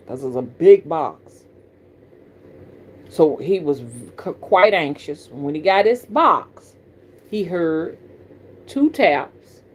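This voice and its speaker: Southern woman host, middle-aged, folksy and animated, talks straight to her audience. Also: on the low side, a little hiss or hum. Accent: Southern American. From American South. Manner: folksy, animated, addresses viewers as y'all. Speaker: spiritual reader and channel host. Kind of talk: casual live-stream talk.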